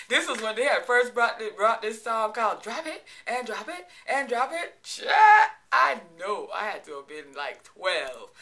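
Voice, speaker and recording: Speaking casually to camera, a Virgin Islands woman in her thirties keeps things playful and laughs a lot. Her voice is mid-range with a sharp tone.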